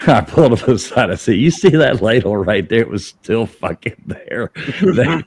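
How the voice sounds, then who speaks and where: A man with a low, deep voice and a lively pitch that swings up when he shouts quoted lines. He tells a rambling, profane story on a live show and laughs as he goes. The sound is close and dry. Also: normal speed, breathy edge, no room sound. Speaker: show host telling a story. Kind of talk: casual live-stream storytelling.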